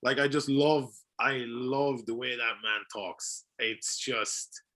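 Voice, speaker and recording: On a casual podcast, a young voice actor guest speaks slowly in a medium-pitched voice that is steady, bright and forceful. He eagerly explains his craft with examples, though his speech is full of fillers and restarts.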